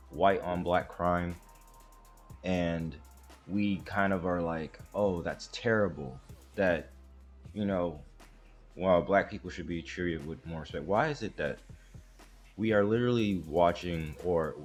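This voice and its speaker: A man hosting a reaction commentary, talking in a rambling, hesitant way with emphatic restarts. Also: deep voice. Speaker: commentary host.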